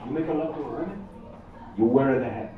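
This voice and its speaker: A stern, deadpan father with a heavy Mexican Spanish accent, giving blunt advice in short broken sentences, as a man acts him out. Heard from afar in a roomy pub with a dull, muffled tone and a crowd around. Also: mid-range voice, a little fast, a little hiss or hum, voice pushed down, lightly acted. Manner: terse broken English, deadpan. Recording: echoey distant muffled pub recording, crowd.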